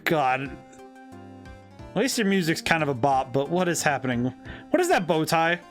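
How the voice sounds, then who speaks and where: A man streaming a game and reacting to it with open disbelief and loud exclamations. His fairly high voice swings widely in pitch, and faint game music plays behind him. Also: sing-song, moderate pace. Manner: incredulous, exclamatory. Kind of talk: live-stream let's play commentary.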